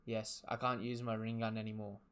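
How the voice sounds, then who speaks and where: A man's voice: on the low side, flat delivery, a little fast, clean tone, close to an everyday voice. A man reading aloud the lines of a stern adult male ninja in a plain, clipped way. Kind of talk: reading manga dialogue aloud.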